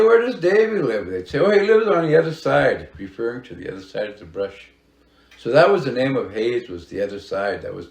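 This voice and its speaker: Older male elder, low and gravelly, rambling oral storyteller. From Fort Belknap, Montana, United States. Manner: unhurried, rambling, many "you know" fillers. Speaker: tribal elder.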